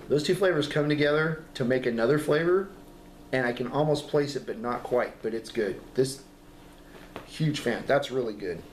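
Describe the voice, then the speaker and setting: A man giving a casual product review, talking in halting, enthusiastic bursts and coughing now and then from a lingering cough. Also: mid-range voice. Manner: halting, repeats words, enthusiastic. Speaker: vape juice reviewer. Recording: echoey room with background noise.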